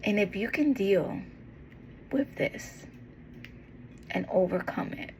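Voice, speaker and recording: Slow, tender woman speaking heartfelt encouragement. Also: mid-range voice, animated, a little mellow, a little hiss or hum, low-quality recording. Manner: earnest and tender, speaking with pauses and restarts. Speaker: motivational vlogger. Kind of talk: heartfelt encouraging monologue to camera.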